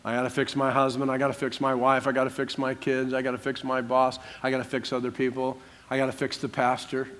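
A man's voice: medium pitch, completely flat delivery. Man preaching with dramatic swells. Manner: dramatic, shifts between soft hushed asides and loud emphatic drawn-out declarations. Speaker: pastor. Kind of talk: sermon.

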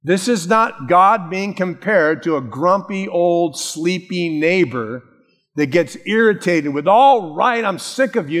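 A man preaching a sermon with a fairly high voice, slipping into lively acted voices as he tells the story. His voice rings out with a long reverb, as in a large church hall. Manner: animated storytelling, acting out quoted voices. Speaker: pastor.

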